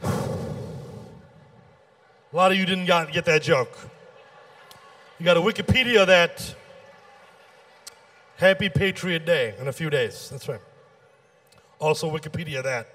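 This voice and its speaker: A man's voice: measured pace, pauses often. A man in his thirties or forties performing a stand-up comedy set as emcee, telling stories and acting out the dialogue with big swings in voice. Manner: animated storytelling, acting out dialogue with shifts in pitch.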